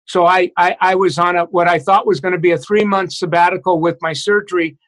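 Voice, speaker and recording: Halting, high-voiced man telling his story. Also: level tone, fairly bright tone, poor audio. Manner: halting, with frequent restarts and fillers. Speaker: guest. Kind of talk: candid personal storytelling.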